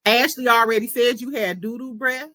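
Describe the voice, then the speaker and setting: A woman's voice: fairly high pitch, steady tone, normal speed, sharp tone, no room sound. A woman hosting a casual gossip show, chatty and sassy, laughing often. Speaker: podcast host.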